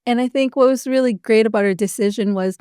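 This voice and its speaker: A woman's voice: on the high side, warm tone, smooth, no room sound, clean studio sound. A woman in her thirties, a podcast guest talking casually and chattily, full of "like" and acted-out quotes. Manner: chatty, quick, lots of likes and quoted dialogue. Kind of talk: casual interview chat.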